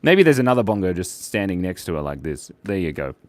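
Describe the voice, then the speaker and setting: Speaking fast and very animatedly in a deep voice, a man hosts a laid-back live drawing stream, cracking jokes and chatting with his viewers while he sketches. The recording is dry.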